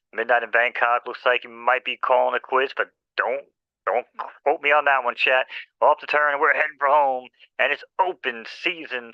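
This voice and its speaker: A man calling a horse race with playful, rhythmic, rapid commentary. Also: mid-range voice, pushed and bright, clean tone, no echo, muffled recording.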